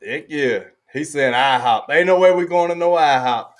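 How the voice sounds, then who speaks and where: A man's voice: on the high side, moderate pace. A man with a Southern US accent hosting a live stream, chatting casually, laughing often and repeating his phrases. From American South. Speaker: host.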